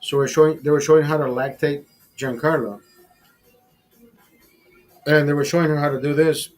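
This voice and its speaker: A man hosting a casual podcast, telling a long profane story in a rambling, animated way. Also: fairly high pitch, normal speed, soft background music. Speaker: podcast host.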